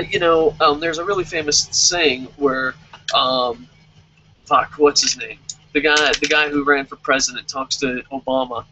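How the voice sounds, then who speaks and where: Young guy ranting about wrestling, swears a ton, gravelly and husky, dull lo-fi sound. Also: a little high, pushed and bright. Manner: profane, heated, ranting. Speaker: wrestling show reviewer. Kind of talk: angry rant in casual chat.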